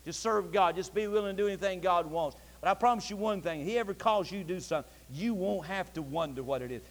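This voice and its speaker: A man preaching a sermon, telling his story with feeling and building to fervent, near-shouted passion. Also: high voice, fast talker. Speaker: pastor. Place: church sanctuary. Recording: long church reverb.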